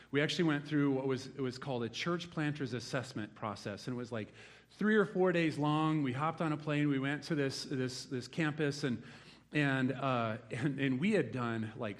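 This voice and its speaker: In a church hall, a medium-pitched man in his forties, a pastor from the rural US, addresses his congregation. His sermon features a spirited story of growing up in the country before he grows quiet and thoughtful, moving between loud outbursts and hushed reflection.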